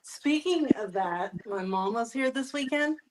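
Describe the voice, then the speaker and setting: A woman's voice: on the high side, expressive, measured pace, poor audio. A woman co-hosting a live stream who tells a teasing story in casual chat and giggles often.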